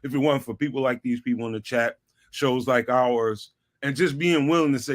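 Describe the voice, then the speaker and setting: A man's voice: mid-range voice, normal speed. A man, guest on a sports talk show, talking casually with lots of slang and repeated fillers. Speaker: guest, network founder.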